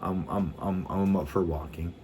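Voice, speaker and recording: A middle-aged man with a very low voice, talking in a laid-back, rambling way. He swears casually and trips over his own words as he restarts sentences. Faint ambient noise sits behind him. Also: fairly even intonation, moderate pace, dark tone. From United States. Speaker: vlogger. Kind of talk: casual chat.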